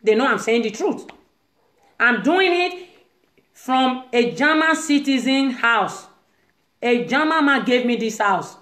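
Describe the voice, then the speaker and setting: A woman's voice: high voice, lively intonation, slow pace, pauses often, fairly bright tone, reverberant. A Nigerian-accented woman hosting her own online show, delivering an impassioned monologue from a house and acting out the voices she quotes. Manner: emphatic, acts out quoted voices, Nigerian Pidgin-tinged English. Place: room in a private house.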